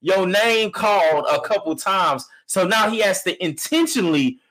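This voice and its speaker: A man's voice: high voice, expressive, normal speed, fairly bright tone, low-quality recording. A man co-hosting a faith podcast, chatting enthusiastically and calling his partner "bro.". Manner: enthusiastic, says "bro" a lot, affirming. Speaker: podcast co-host. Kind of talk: casual faith podcast chat.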